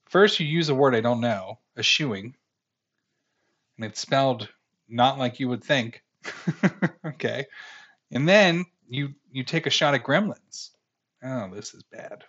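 A man's voice: medium pitch, expressive, unhurried, pauses often, fairly bright tone, breathy edge, lo-fi sound. A man in his thirties hosting a casual film review podcast, rambling with many fillers and mocking critics' language. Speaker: podcast host.

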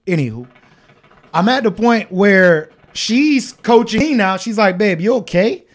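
A young man co-hosting a podcast, telling a story in a lively way, acting out quotes and swearing a lot. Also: sits high, unhurried. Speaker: podcast co-host. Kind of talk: casual chat.

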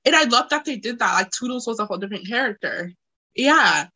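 Bright, excitable young woman chatting. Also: a little high, dull audio. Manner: excitable, giggly, quick to laugh. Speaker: podcast co-host. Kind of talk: casual chat.

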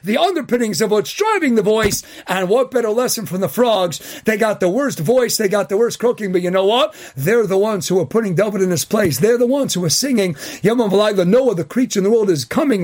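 This high-voiced man preaches on the Torah as a rabbi with great intensity, often raising his voice to a shout and posing rhetorical questions. Hebrew and Yiddish terms pepper his English.

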